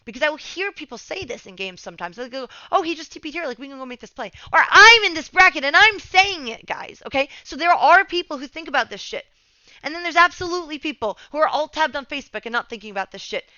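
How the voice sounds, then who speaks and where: A woman's voice: high voice, bright, forceful tone, dry recording, lo-fi sound. A young woman giving casual game coaching over a replay, swearing often and getting heated as she rants.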